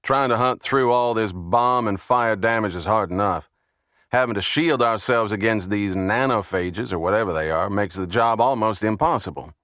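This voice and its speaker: A man's voice: fairly low pitch, normal speed, a bit bright, no room sound, studio quality, natural voice. A man reading the lines of a blunt, skeptical male FBI agent in an audiobook. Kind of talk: audiobook character voice.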